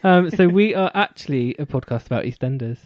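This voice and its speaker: Male podcast host, mid-pitched, chatty and giggly, dry close recording with a dull lo-fi tone. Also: lively intonation, fairly quick, dry recording. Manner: chatty, laughs often, uses "like" a lot. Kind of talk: casual chat.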